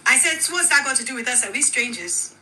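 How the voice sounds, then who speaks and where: A Nigerian woman telling her own account as a widow in a very bright, somewhat high voice. She is animated and acts out the dialogue as she tells it. Faint noise sits under the recording. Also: fast, rough recording. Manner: animated, quoting others in dialogue. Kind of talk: emotional personal account.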